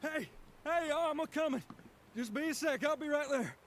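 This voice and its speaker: A man's voice: extremely high pitch, normal speed, fairly bright tone, a little hiss or hum. A nervous Southern mailman. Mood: flustered. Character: sweet nervous Southern mailman, young man.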